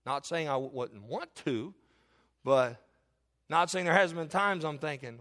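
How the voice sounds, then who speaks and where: High-voiced preaching man. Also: a little slow, a bit bright. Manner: impassioned preaching with rhetorical calls to the congregation. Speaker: pastor. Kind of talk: sermon.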